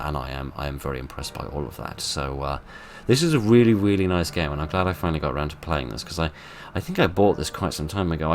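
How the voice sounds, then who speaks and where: A man narrating a game playthrough, with theatrical polite exasperation that swings from loud outbursts to quiet murmurs. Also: low-pitched, slight background noise. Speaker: gaming video host. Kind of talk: let's play commentary.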